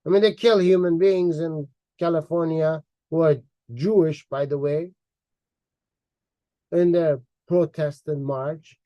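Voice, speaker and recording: A man's voice: on the high side, fairly even intonation, takes it slowly, warm tone, no room sound. A man delivering a heated, mocking monologue as an online commentator, repeating words for emphasis. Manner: angry, mocking, insulting.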